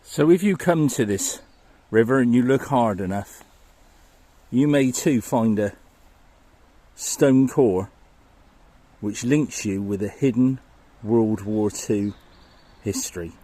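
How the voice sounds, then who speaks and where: A man's voice: mid-range voice, animated, takes it slowly, pauses often, warm tone. A man narrating a walking history vlog outdoors by a river, enthusiastic and marvelling. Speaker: walking vlogger. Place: outdoors by a river and woodland path.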